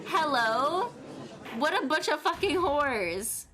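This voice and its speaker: A young woman streaming a game, giving loud, frustrated commentary full of swearing. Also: high-pitched, very animated, slow pace, some chatter behind. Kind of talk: live gameplay commentary. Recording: faint game music behind.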